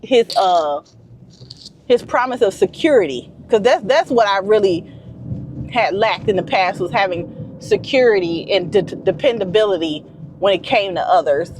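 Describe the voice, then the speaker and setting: Woman chatting to her viewers from the car, kinda high voice, road noise underneath. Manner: chatty, animated, talks to viewers as y'all. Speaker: vlogger. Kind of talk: casual chat to camera. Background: vehicle noise.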